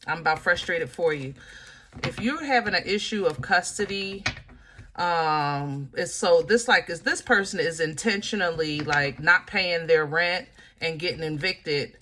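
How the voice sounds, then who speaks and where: A woman's voice: fairly low pitch, unhurried, bright, forceful tone, slight background noise. A woman giving a casual tarot reading, talking straight to her viewers in an emotional, frustrated way, full of fillers and restarts. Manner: drawling, with many fillers and restarts. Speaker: tarot reader.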